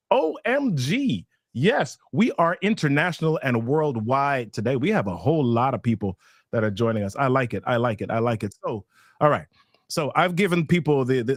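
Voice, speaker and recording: An energetic man hosts a live online show, hyping up his guest and shouting out viewers. His voice sits in a middle register. The sound is dry and close. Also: medium pitch, dry recording. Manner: energetic, excitable, reading out chat names. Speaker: host. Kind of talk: hyped live-stream hosting.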